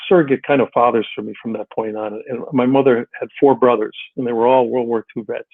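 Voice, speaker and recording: Older man talking fast over a phone line. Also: mid-range voice, steady tone, no echo. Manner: rambling, many restarts and repeated words. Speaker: guest actor. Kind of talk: casual radio interview. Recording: muffled phone line, dry.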